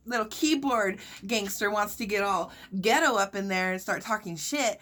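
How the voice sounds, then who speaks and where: A young woman vlogger telling a story to her viewers in a casual, animated and indignant way. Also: medium pitch, moderate pace, few pauses. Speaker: mukbang vlogger.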